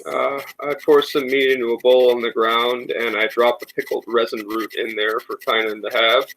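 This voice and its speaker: A man playing a tabletop game, speaking in a measured way, sometimes in character. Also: medium pitch, flat delivery, fairly bright tone, poor audio. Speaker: player.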